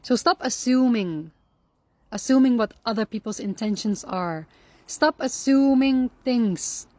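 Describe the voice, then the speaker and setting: A woman giving calm, earnest spiritual advice on anger and forgiveness, repeating her key phrases for emphasis. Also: a little high, a little slow, no echo. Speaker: Islamic lifestyle speaker. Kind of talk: reflective spiritual advice talk.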